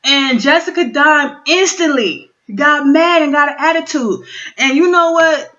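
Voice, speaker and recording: A woman with a high, sharp-toned voice speaks a little slowly, and the recording's highs are cut off. She gives a blunt, profane, casual recap of a reality show, dramatically acting out what the cast said.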